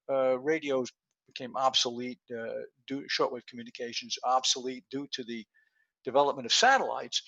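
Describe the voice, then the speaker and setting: A man's voice: fairly high pitch, fairly bright tone. A man in his seventies giving a rambling, story-filled conference presentation over a call, with many fillers. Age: 70s. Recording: muffled lo-fi call audio.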